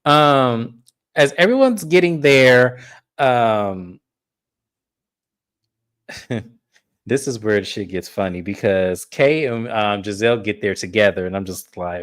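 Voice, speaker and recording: A woman's voice: extremely low pitch, slow, long pauses. A woman giving a casual, profane recap of a reality TV episode, telling the story with energy and acting out cast members' lines. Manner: animated storytelling with swearing. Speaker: podcast co-host.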